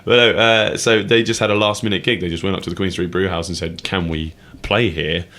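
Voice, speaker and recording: A man's voice: on the low side, fast talker, bright, forceful tone. A young man co-hosting a casual radio show, rambling enthusiastically and laughing often. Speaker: radio co-host.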